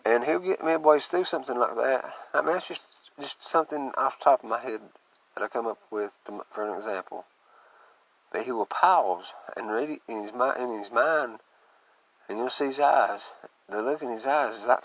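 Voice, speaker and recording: A man's voice: mid-range voice, moderate pace, fairly bright tone, rough recording. A man from Western North Carolina, talking casually in a rambling, folksy vlog and chuckling often as he goes along rural roads. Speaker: vlogger.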